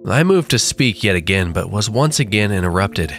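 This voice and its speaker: Deep-voiced dramatic horror narrator. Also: male voice, lively intonation, music in the background. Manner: slow, dramatic delivery.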